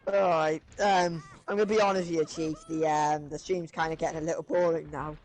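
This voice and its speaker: A co-player with a mid-range voice trades casual gaming banter. The delivery is teasing and deadpan, needling the host. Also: mid-range voice, fairly quick, rough recording.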